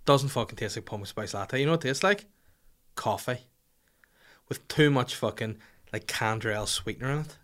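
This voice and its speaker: A man's voice: medium pitch, normal speed, long pauses. A young man holds the floor on a casual podcast. He tells a comic anecdote with lots of swearing and acts out the people in it as he goes. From Northern Ireland. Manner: animated, profane, acts out voices in anecdotes. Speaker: podcast host. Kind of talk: comic storytelling chat.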